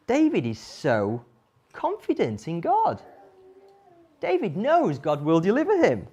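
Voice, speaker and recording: A woman tells a Bible story to children with animated energy and frequent questions to her listeners. Her pitch moves widely and expressively. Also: slow pace, husky, lo-fi sound. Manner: animated, asks the audience questions.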